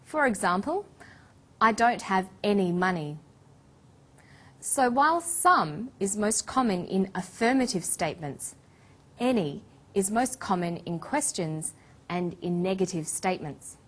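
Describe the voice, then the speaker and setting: Slow, clear woman teaching English. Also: medium pitch, expressive, a bit bright. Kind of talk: scripted narration.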